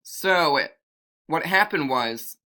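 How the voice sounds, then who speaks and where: A man's voice: fairly high pitch, lively intonation, extremely slow, pushed and bright, a little hiss or hum. A man telling an improvised fantasy story in a rambling way, often correcting himself as he goes.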